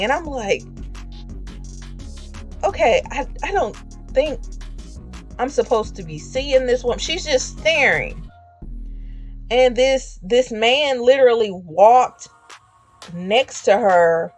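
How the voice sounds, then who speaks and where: Female streamer, mid-pitched, casual storyteller who acts out voices; faint music behind. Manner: chatty, acts out voices with slang.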